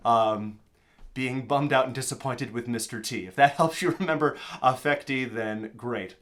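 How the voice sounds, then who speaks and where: A man's voice: medium pitch, measured pace, fairly bright tone. Chatty American man teaching a lesson. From Minnesota. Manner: chatty, rambling, with fillers and digressions. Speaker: language teacher. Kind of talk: casual video lesson.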